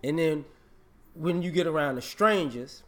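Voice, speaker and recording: A man's voice: on the high side, measured pace, fairly bright tone. A man vlogging a casual opinion rant, emphatic and repetitive, scolding and laughing.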